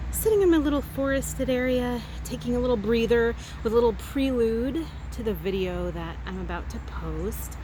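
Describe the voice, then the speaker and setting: Chatty woman ranting outdoors by traffic. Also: medium pitch. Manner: chatty, rambling, with laughs and asides. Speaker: vlogger. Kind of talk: casual rambling rant. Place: outdoors by a freeway. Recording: faint traffic noise outdoors.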